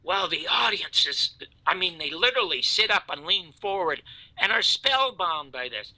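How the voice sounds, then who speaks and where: An older man with a gravelly, creaky voice and a bright, edgy tone tells stories in a lively way. He goes from near-shouting to hushed asides. The sound is dry and close to the mic. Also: high-pitched, normal speed, no room sound, rough recording. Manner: animated, swings from loud outbursts to hushed asides. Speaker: show host telling stories. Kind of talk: storytelling in casual chat.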